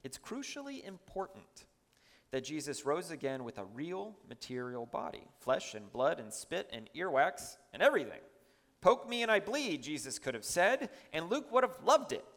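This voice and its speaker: A man's voice: on the high side, wildly swooping pitch, normal speed, a bit bright, in a large hall. A man preaching a sermon in a church, emphatic and chatty, with asides to the congregation.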